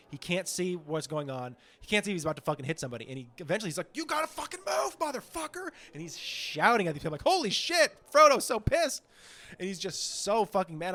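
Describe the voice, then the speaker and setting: A man co-hosting a comedy podcast in casual, rambling chat, swearing often and acting out quotes in a high voice. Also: lively intonation, quick pace, hardly any pauses, fairly bright tone. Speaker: podcast co-host.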